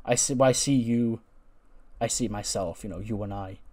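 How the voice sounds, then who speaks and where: A man's voice: lowish voice, moderate pace, a little mellow, lightly acted. A man voicing a vain, unhinged male wrestler with a smug, menacing way of talking.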